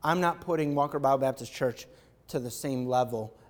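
A male pastor preaching an animated sermon, swinging from quiet reflection to loud excitement. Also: mid-range voice, brisk.

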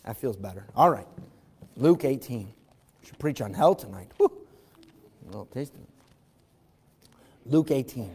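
An expressive pastor with a mid-range, slightly mellow voice preaches an evening sermon at a measured pace, leaving long pauses. In the church sanctuary he fervently reads scripture in King James wording and asks the congregation direct questions. The large hall's long reverb is joined by slight background noise.

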